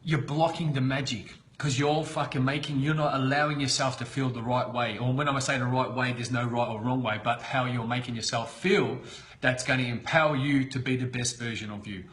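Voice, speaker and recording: A man giving an unscripted motivational talk on a live stream, blunt and excitable, swearing constantly. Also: mid-range voice, fairly quick. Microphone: computer webcam.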